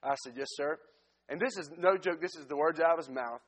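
A man tells his story from the pulpit in an earnest way, stumbling and restarting as he goes. His voice sits somewhat high for a man. A long church-hall reverb trails behind every phrase. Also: a little fast. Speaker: missionary preacher. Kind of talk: testimony sermon to a congregation. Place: church sanctuary.

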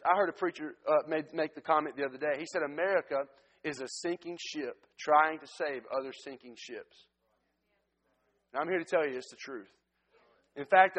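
A man's voice: on the high side, a bit bright. A man giving an earnest testimony sermon as a missionary preacher, often restarting his sentences. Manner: earnest storytelling, frequent restarts. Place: church sanctuary. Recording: long church hall reverb.

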